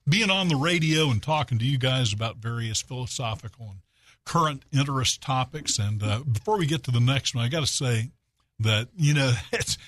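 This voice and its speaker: A man's voice: medium pitch, expressive, a little fast, fairly bright tone, no room sound. A man filling in as a radio talk show host, chatty and folksy, telling jokes between segments in a studio. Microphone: studio mic.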